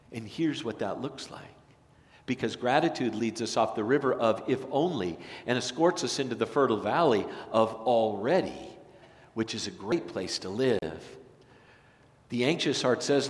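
Lively male pastor in a reverberant sanctuary. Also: medium pitch, normal speed. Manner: animated, swings from loud to hushed. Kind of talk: sermon. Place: church sanctuary. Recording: long reverb of a church sanctuary.

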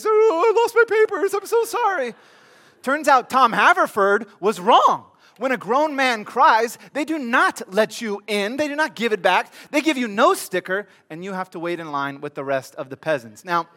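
A man's voice: high-pitched, bright, forceful tone. A middle-aged man preaching a sermon, telling a funny story with comic asides to his congregation before reading scripture. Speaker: pastor.

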